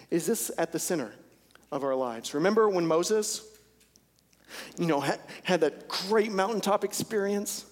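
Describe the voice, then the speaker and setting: Preaching a sermon at a church service, this male pastor is earnest and intense, leaning on repeated phrases for emphasis. His high-pitched voice is expressive and measured, carried by the long reverb of the sanctuary.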